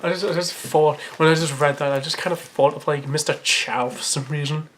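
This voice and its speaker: A man's voice: a little high, steady tone, fairly quick, a bit bright, a little hiss or hum. A man reading aloud a story he wrote as a child, breaking off often for sarcastic, mocking commentary and laughter. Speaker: reader of his own childhood story. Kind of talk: comedic dramatic reading with commentary.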